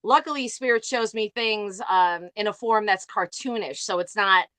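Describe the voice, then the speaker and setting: A woman's voice: mid-range voice, moderate pace, pushed and bright, smooth, no echo. A woman with a Long Island New York accent, a guest on a podcast talking over a video call, talkative and laughing often. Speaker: guest, psychic medium. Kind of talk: casual interview chat.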